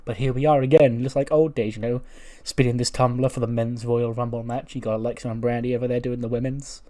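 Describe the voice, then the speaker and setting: An upbeat male wrestler, eager and friendly, voiced by a man narrating a game. The delivery stays near an everyday voice, chummy and bright in mood. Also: mid-range voice, steady tone, fast, natural voice. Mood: happy. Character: upbeat male wrestler reuniting with his partner.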